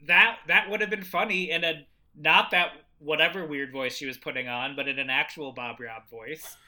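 An opinionated male co-host lays out a measured critique in casual chat. His voice is strikingly bright and tense, pitched a little higher than average. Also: steady tone. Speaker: podcast co-host.

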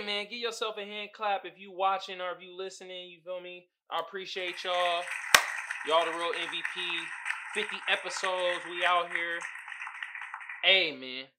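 A man hosting his own podcast in casual solo chat, slangy and animated, laughing often. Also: fairly high pitch. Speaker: podcast host.

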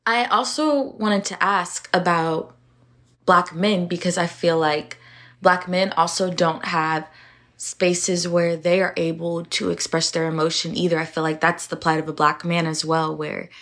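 A woman panelist asking a measured question in a casual discussion. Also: on the low side, fairly even intonation, fairly bright tone.

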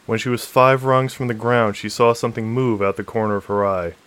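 A man narrating a science-fiction novel in a steady, measured reading. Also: medium pitch, clean tone. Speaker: audiobook narrator. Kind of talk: scripted narration.

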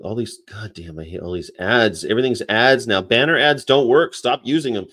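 A man's voice: mid-range voice, a little fast, few pauses, fairly bright tone. A man hosting a casual livestream chat, rambling and laughing often as he reads comments and mimics regional accents. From United States. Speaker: livestream host.

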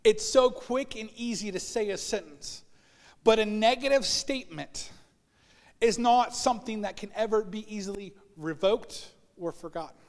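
A man's voice: high voice, normal speed, big-room sound. A man preaching a sermon as pastor, telling personal stories and acting out the voices of people he quotes. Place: church sanctuary.

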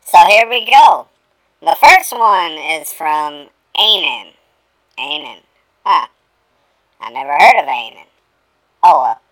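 A woman reads a scripted top-ten countdown for a podcast in a deep, bright voice. She takes her time and keeps an upbeat presenter's tone. The recording is dry and close, with no room sound. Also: big pitch swings, slow, long pauses, dry recording, poor audio. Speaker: segment co-host. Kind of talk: read countdown segment.

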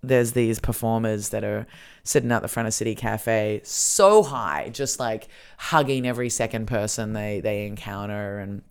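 A woman's voice: extremely low pitch, steady tone, moderate pace, a little mellow, smooth. A woman hosting a podcast, telling casual stories in a rambling way with lots of fillers and swearing. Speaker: podcast host. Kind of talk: casual chat, storytelling.

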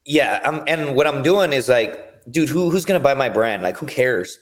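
A man's voice: medium pitch, lively intonation, normal speed. A man talking as a podcast guest, telling long rambling stories with lots of swearing. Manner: rambling, profane storytelling. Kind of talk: casual chat.

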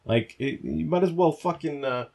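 A man's voice: a little high, normal speed, gravelly, a little mellow. A man co-hosting a podcast, ranting heatedly in casual talk, swearing constantly and restarting his sentences. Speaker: podcast co-host. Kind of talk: profane casual rant.

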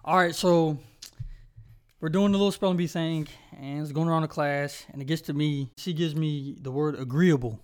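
A young man from North Carolina co-hosting a casual podcast chat, telling animated, slangy stories and acting out voices. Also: on the high side, moderate pace, smooth. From Charlotte, North Carolina. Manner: slangy, profane. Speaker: podcast co-host.

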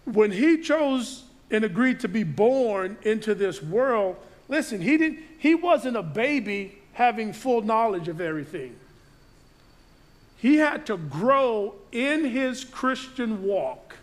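Speaking slowly in a high voice with big pitch swings, this pastor preaches a sermon by reading scripture aloud and riffing on it. He frequently starts his sentences over.

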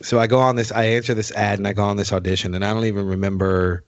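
Laid-back low-voiced man telling stories. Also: fast, gravelly, dry recording. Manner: laid-back, swears casually, animated when quoting others. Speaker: podcast host and drummer. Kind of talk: casual chat, storytelling. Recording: dry, slightly dull sound.

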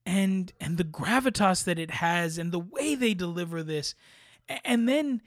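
A man's voice: sits high, dry recording, clean studio sound. A man co-hosting a podcast, earnestly and passionately praising a film's acting in casual chat. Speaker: podcast co-host. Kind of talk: casual film review chat.

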